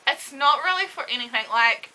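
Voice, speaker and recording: A young woman telling a story to camera in a casual vlog, emotional and halting as she holds back tears. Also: sits high, lively intonation, sharp tone, poor audio. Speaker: vlogger. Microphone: camera mic, seated.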